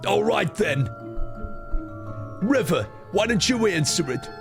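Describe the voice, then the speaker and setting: A man's voice: high voice, very animated, takes it slowly, vocal fry, over music, voice pushed up, full character voice. A man voicing an impatient schoolteacher with a clipped, prodding, exasperated delivery. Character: impatient schoolteacher quizzing the class.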